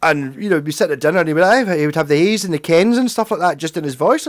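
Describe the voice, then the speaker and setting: A Scottish livestream host with a voice on the high side talks fast and animatedly, barely pausing, as he rambles casually with viewers and reads their chat, self-deprecating and a bit tipsy. The recording is dry.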